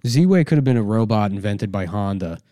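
A man's voice: fairly low pitch, expressive, fairly quick, dark tone, dry recording. A man in his thirties hosting a podcast, chatting loosely and joking around. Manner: loose, jokey, breaks into silly voices. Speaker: podcast host. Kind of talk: casual chat.

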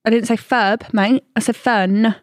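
A woman with an Essex accent co-hosting a casual podcast, chatty, animated and playfully indignant. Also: a little high, a little slow, no room sound, studio quality. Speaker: podcast co-host. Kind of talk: casual chat.

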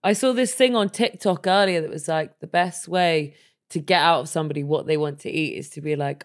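A woman's voice: low voice, a little fast. A woman co-host chiming in with chatty remarks on a casual podcast.

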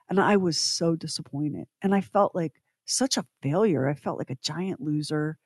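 A woman's voice: sits low, moderate pace, few pauses, husky, dry recording, studio quality. A middle-aged woman, a podcast co-host and former TV writer producer, talking earnestly and emphatically in casual chat. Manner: earnest and emphatic, talks through her feelings.

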